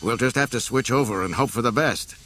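A man voicing a cocky young male starship pilot who barks quick orders in a storybook reading. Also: mid-range voice, a little hiss or hum, pitched above the performer's own voice, lightly acted. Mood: urgent. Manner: brash, quick to shout orders.

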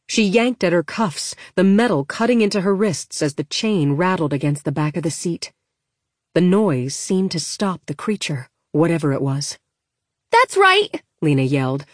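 A woman's voice: deep voice, darkish tone, no echo, studio quality. Woman narrating a storybook. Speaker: audiobook narrator.

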